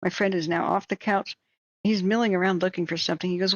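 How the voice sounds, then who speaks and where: A woman hosting a livestream, telling a rambling story in a casual, animated way, acting out what people said. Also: lowish voice, fast talker, no echo, muffled recording. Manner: animated, rambling, acts out quotes with shrieks and laughs. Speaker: livestream host.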